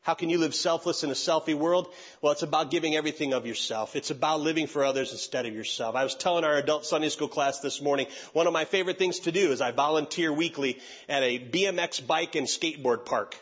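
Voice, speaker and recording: Older man, pastor, sermon storytelling, slightly husky voice, somewhat high pitch, dull lo-fi sound. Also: fast talker. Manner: animated storytelling, acts out voices of others.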